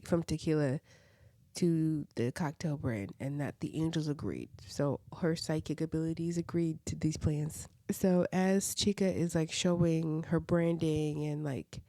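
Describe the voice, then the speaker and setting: A woman's voice: low-pitched, dark tone, no echo. A woman casually recapping reality TV episodes, chatty and full of side comments and "like" fillers. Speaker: reality TV reviewer.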